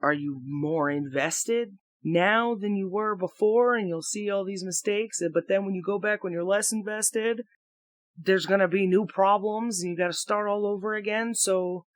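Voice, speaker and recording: A man rambling through a reflective solo audio blog into a microphone, halting and questioning himself as he goes, swearing freely. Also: high voice, dry recording. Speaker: audio blogger. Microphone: talking into a microphone.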